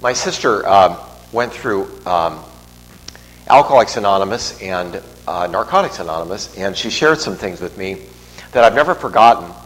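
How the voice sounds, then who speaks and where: A man's voice: low voice, animated, moderate pace, a bit bright. A middle-aged man, a priest, giving a homily in a conversational, digressive way with restarts and asides. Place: church. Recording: long reverb in a large church, faint hum.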